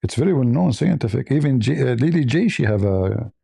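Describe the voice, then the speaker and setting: A man's voice: lively intonation, a little fast, gravelly, dark tone, slightly rough, no room sound. A man hosting a casual talk show, rambling through a story with many restarts and fillers. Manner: rambling, many restarts and fillers, squeaky voices when quoting. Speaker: host.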